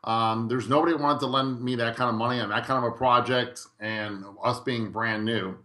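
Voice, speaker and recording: A middle-aged man, a guest in a podcast interview, telling his story in a lively way and acting out quoted dialogue. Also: mid-range voice, moderate pace. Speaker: guest real estate investor.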